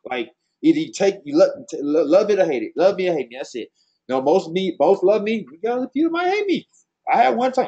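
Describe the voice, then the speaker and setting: Fast-talking husky man giving blunt advice. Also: high voice, very animated, darkish tone. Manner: blunt, passionate, slangy. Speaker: team trainer. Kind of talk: motivational team talk. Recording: dull lo-fi sound.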